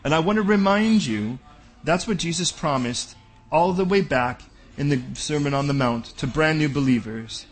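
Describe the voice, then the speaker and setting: A man's voice: fairly high pitch, normal speed. A man preaching a sermon as pastor, bold and direct, often acting out back-and-forth dialogues.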